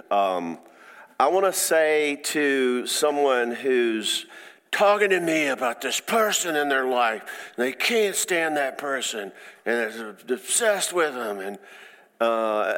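A man of ordinary pitch gives an informal faith-based teaching talk as a counselor. He speaks conversationally and haltingly, often restarting his sentences. His voice rings with a long hall reverb. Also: fairly bright tone.

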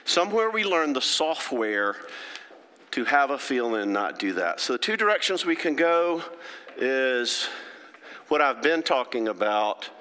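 A man's voice: medium pitch, sing-song, measured pace, bright, forceful tone, clear, resonant tone. A middle-aged man, a therapist giving a folksy, chatty talk to an audience and checking in with them often. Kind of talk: lecture to an audience. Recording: long hall reverb.

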